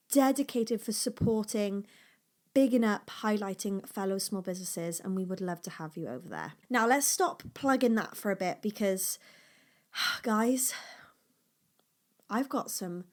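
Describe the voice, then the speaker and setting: Young adult woman, mid pitch, home podcast host: candid, emotional, drifts between lively talk and soft near-whispers. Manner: open, emotional, fillers and restarts, shifts between bright and near-whispered. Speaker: podcast host and small business owner. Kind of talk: casual personal podcast talk.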